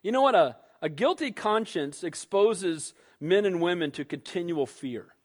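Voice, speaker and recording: A man preaching a sermon, animated, who acts out quoted voices and calls for amens. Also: high-pitched, unhurried. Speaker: pastor. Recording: long hall reverb.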